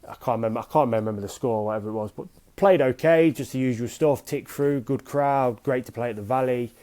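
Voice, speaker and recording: A middle-aged man, a former professional goalkeeper, telling lively anecdotes in a casual interview and acting out the voices of people he quotes. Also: mid-range voice, fast talker.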